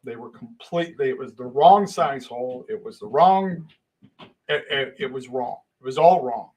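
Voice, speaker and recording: A middle-aged man telling a long casual story, animated, with sudden loud bursts and hushed asides. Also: medium pitch, moderate pace.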